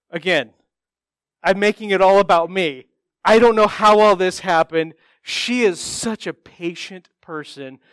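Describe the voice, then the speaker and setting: A man with a high, smooth, resonant voice delivers a sermon through self-deprecating personal stories, acting out the other people in them. The sound is dry and close, with no room echo. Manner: self-deprecating, animated storytelling with acted-out voices.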